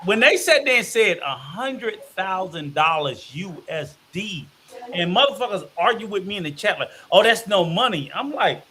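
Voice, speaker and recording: High-pitched ranting man, profane. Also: very animated, moderate pace, sharp tone, slight background noise. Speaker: podcast co-host. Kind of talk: heated casual debate.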